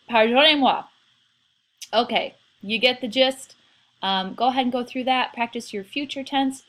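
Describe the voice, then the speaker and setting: A woman teacher runs a recorded French lesson, playful and encouraging as she spells out verb stems and conjugations letter by letter. Her voice sits at an ordinary middle pitch. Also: fairly bright tone. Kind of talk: recorded remote class lesson.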